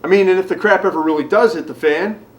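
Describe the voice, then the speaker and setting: A man's voice: sits high, quick pace, close to an everyday voice. An actor playing a breezy, boastful young male gamer. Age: young adult. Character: cocky young male gamer, ladies' man.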